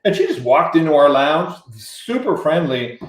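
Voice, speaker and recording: Animated male storyteller in echoey room. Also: a little high, moderate pace. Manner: animated anecdote teller with restarts, acting out others' lines. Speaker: musician guest. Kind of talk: casual storytelling on a radio show.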